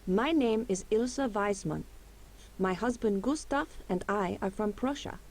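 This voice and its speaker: German-accented immigrant wife. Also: female voice, mid-range voice, measured pace, a little mellow. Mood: friendly. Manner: formal, earnest, put-on accent. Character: Prussian immigrant wife on the trail, polite.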